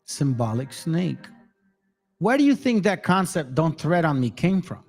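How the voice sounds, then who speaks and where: A man's voice: fairly high pitch, big pitch swings, normal speed, gravelly, a little mellow, soft background music. A man hosting his own channel, talking casually and directly to viewers, swearing freely and calling them family. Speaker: channel host.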